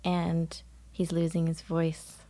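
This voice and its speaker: A woman with a Canadian accent, a poet and festival volunteer guest, speaking softly and thoughtfully in a casual podcast chat. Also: on the low side, monotone, slow. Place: small room in a historic house.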